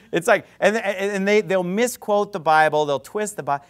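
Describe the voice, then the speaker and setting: A man preaching a sermon, retelling a story in an animated, mocking way and repeating words for emphasis. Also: high voice, normal speed, few pauses, clean tone. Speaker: pastor.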